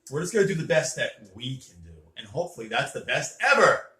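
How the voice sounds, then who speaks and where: A man's voice: mid-range voice, very animated, fast, bright, forceful tone. Earnest man talking in a roomy echo. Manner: earnest, explaining and lecturing. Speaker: host. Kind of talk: casual chat with a child. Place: indoors, sitting on a bed.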